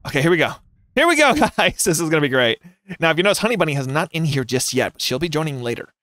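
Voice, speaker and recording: A young man streaming a game and chatting to viewers, excitable and giggly, breaking into squeals and shouts. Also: fairly high pitch, rapid-fire, no echo. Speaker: gaming YouTuber. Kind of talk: live gameplay commentary.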